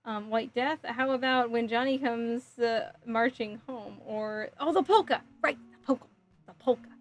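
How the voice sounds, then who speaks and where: A woman live streaming from home, chatting casually, reading chat aloud and giggling as she thinks out loud. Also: a little high, moderate pace. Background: faint music.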